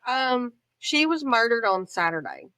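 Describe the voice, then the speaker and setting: A woman's voice: on the high side, big pitch swings, unhurried, pushed and bright, smooth, no room sound. A middle-aged woman, a bereaved mother recounting events plainly and emotionally as an interview guest, often quoting what people said. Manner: plain-spoken, storytelling with reported speech. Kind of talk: emotional personal account.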